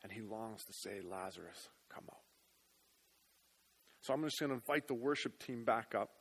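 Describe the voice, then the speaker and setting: A male pastor preaching a sermon in church, earnest, dropping to hushed tones and rising to loud appeals. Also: mid-range voice, quick pace, breathy edge.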